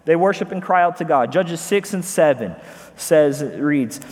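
Male pastor, high voice, conversational sermon style with emphatic slowdowns, reverberant sanctuary sound. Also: expressive, darkish tone, husky. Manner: conversational preaching with asides and emphatic slowed phrases.

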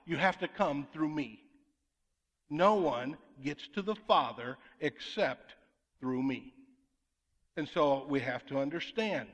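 A man's voice: a little high, a bit bright. A man preaching a sermon as pastor, emphatic, with rhetorical questions to the congregation. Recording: long reverb of a large hall.

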